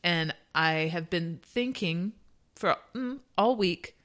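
A woman co-hosting a podcast in casual chat, animated and giggly as she tells stories. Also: on the low side, slow. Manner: chatty, giggly, animated storytelling. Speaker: podcast co-host.

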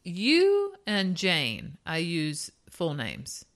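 A woman co-hosting a podcast in casual chat, animated and giggly as she tells stories. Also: fairly low pitch, extremely slow. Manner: chatty, giggly, animated storytelling. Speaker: podcast co-host.

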